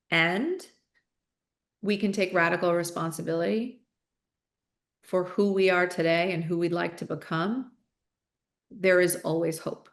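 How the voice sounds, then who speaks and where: A woman's voice: medium pitch, reverberant. A woman speaking as a guest in a podcast interview, earnest and candid, often restarting her sentences as she thinks aloud. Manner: repeats words as she restarts thoughts. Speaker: podcast guest, author and coach. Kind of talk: interview conversation.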